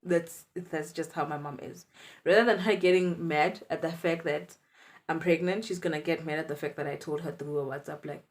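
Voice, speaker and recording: A woman in her twenties chatting through an animated storytime vlog. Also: sits low, normal speed. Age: 20s. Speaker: vlogger.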